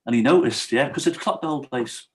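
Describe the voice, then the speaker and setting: A man's voice: mid-range voice, fast talker, darkish tone, rough recording. A man, a podcast guest, telling a true story in a casual interview and acting out the quoted dialogue.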